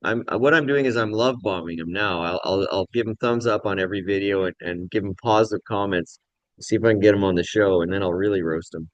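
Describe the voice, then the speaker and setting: A man with a low voice chats over a video call as host of a casual show. He jokes and rambles in a loose, playful way, and his sound is dry and close. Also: quick pace, no room sound, highs cut off. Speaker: podcast host.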